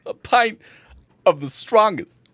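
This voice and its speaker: A woman voicing an excitable male tavern bartender who gushes with astonishment. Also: takes it slowly, dry recording. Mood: gushing. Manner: gushing, astonished, high-pitched.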